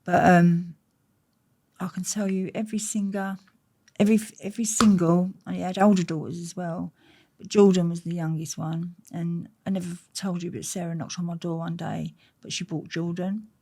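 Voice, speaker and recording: With an Essex accent and a lowish, warm voice, a woman interview guest tells stories bluntly at a moderate pace, her delivery flat. She swears freely throughout this candid, casual storytelling.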